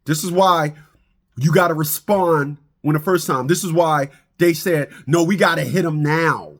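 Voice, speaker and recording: A man's voice: fairly high pitch, unhurried. A middle-aged man giving a preachy monologue about fathers and child support, often stammering and repeating words as he restarts. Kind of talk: animated monologue to camera.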